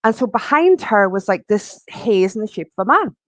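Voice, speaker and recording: A woman's voice: mid-range voice, big pitch swings, moderate pace, a bit bright, no echo, low-quality recording. A woman in her forties, a guest telling her own story in a loose, chatty way full of ums and likes. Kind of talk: personal storytelling in conversation.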